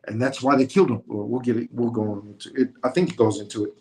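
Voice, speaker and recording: A man's voice: medium pitch, fairly even intonation, fast, darkish tone. A man in a casual talk show who speaks fervently, repeating lines for emphasis like a preacher. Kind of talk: preaching-style casual chat.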